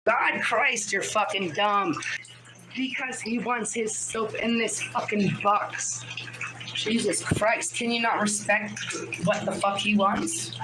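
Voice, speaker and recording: A woman's voice: medium pitch, fairly even intonation, slow. A woman talking on a livestream, snappy, profane and insulting. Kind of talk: casual livestream talk. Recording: noisy livestream clip audio.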